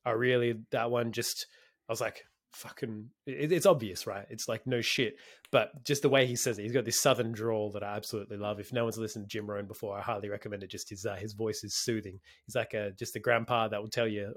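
A man's voice: medium pitch, fairly quick. A man co-hosting a podcast, chatting casually with lots of fillers and the odd swear word. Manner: relaxed and conversational, with filler words and swearing. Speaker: podcast co-host.

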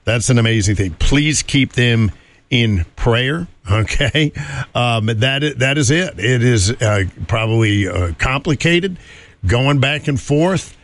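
A man's voice: medium pitch, expressive, slow. A man hosting a morning show, chatting casually and rambling with fillers and chuckles. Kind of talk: casual radio chat.

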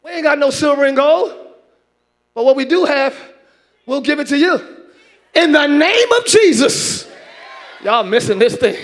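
Man preaching, high voice, bright tone, shouting, calls to the congregation. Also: lively intonation, a little slow, long pauses, some chatter behind. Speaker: pastor. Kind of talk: sermon.

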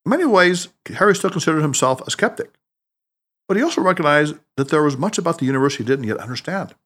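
A man narrating an audiobook in a scripted, expressive storytelling way. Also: fairly high pitch, fast.

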